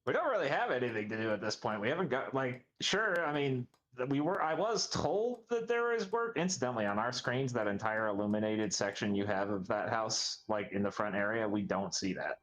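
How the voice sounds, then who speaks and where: A man's voice: mid-range voice, lively intonation, fairly quick, few pauses, a bit bright. Chatty, self-mocking male player. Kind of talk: casual tabletop game chat.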